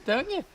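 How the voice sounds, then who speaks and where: In a backstage room, with slight background noise, a young man speaks in a very high voice. He's the best friend and touring companion, chatting casually and earnestly, full of talk, performing the quotes in his stories about his pal.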